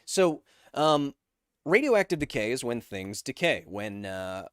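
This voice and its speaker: A man's voice: mid-range voice, very animated, unhurried, clean tone, no echo, clean studio sound. A man hosting a live stream, reading chat messages aloud with jokes and tangents while explaining science casually.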